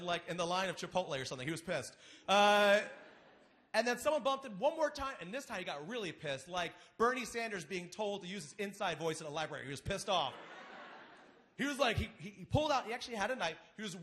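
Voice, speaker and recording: Animated man telling a funny story on stage. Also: high-pitched. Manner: animated, acts out friends' voices. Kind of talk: live comedic storytelling. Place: large theater stage before an audience.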